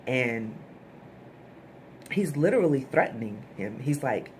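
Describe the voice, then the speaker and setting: A woman's voice: low voice, lively intonation, normal speed, a little mellow, slight background noise. A woman giving a chatty, opinionated recap of a TV episode, blunt and swearing casually. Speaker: TV episode reviewer.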